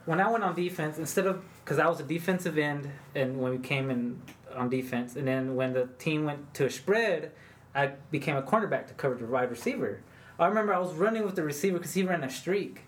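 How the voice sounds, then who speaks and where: A man's voice: a little high, lively intonation, brisk. A young man co-hosting a podcast in casual chat, going into detail and saying "dude" a lot. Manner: chatty, drifts into detail, says "dude" a lot. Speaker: podcast co-host.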